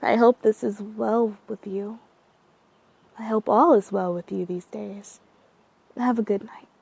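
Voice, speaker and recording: A woman voicing a calm, polite man who is quietly threatening on the phone, in a horror story. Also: medium pitch, a little slow, vocal fry, breathy edge, no echo. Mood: calm menace. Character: calm menacing male corporate caller.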